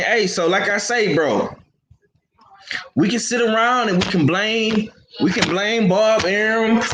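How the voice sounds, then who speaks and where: A man hosting casual boxing talk, animated and slangy, who repeats himself as he talks. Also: high-pitched. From Houston. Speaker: boxing podcast host. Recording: echoey room with faint noise.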